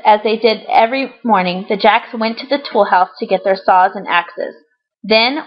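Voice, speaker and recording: A woman reading a children's storybook aloud with clear, even storytelling and the occasional small slip. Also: medium pitch. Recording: dull lo-fi recording.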